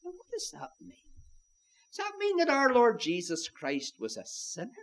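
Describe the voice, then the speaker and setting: A man's voice: sits high, very animated, normal speed, fairly bright tone. A man preaching a sermon, emphatic and earnest, often turning to his listeners as "my friends" and posing rhetorical questions.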